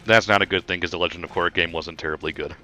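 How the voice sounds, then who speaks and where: A man's voice: low voice, steady tone, rapid-fire, pushed and bright. A young man co-hosting a gameplay video, dropping dry, sarcastic one-liners in casual chat. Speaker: gameplay co-host. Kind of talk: casual let's-play chat. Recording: faint music behind.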